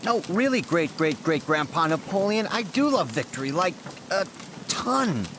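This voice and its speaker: A timid, beaten-down inmate pleading nervously. His voice is high and jumps around. Game noise sits clearly behind him. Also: very animated, moderate pace. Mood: meek. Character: timid, defeated adult inmate man. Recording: game audio with noisy background.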